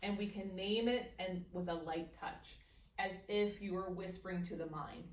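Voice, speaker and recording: A woman leading a guided meditation class in a library meeting room, gentle and playful, dropping into a soft aside voice when she speaks to her thoughts. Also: on the low side, fairly even intonation, moderate pace. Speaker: meditation teacher. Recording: echoey room from a distance.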